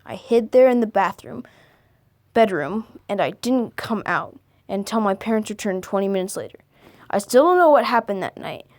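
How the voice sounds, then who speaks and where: A woman reading scary stories aloud for a video, halting now and then to stumble over and correct her words. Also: mid-range voice. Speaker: video creator.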